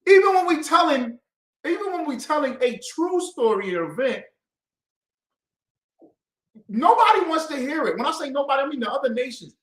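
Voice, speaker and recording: A man's voice: very high voice, big pitch swings, moderate pace, pauses often, a bit bright. A man leading a call-and-response Bible class, quizzing his students with emphatic questions. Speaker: class teacher. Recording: echoey room.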